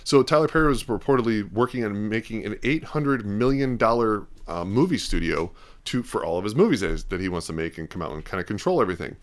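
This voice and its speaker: A man's voice: fairly low pitch, lively intonation, fast. A man hosting a podcast, talking in a casual, rambling way and acting out bits of quoted dialogue. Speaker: podcast host. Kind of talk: casual talk.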